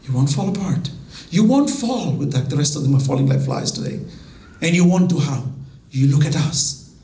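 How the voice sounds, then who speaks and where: A man giving an impassioned sermon as a religious lecturer, reciting Arabic verses between English and dropping to soft, drawn-out emphasis. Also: on the high side, lively intonation. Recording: echoey hall.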